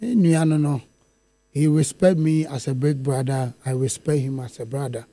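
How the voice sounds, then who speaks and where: A man's voice: medium pitch, fairly even intonation, moderate pace, mellow, dry recording. A man, a musician, speaking earnestly and emphatically in an interview. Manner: switches between English and Twi, earnest and emphatic. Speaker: musician guest. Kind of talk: interview conversation.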